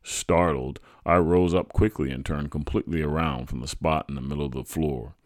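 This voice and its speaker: A man hosting a podcast, reading a true family story aloud in an expressive, animated way. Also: rumbling low, moderate pace, no echo, studio quality. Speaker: podcast host and narrator.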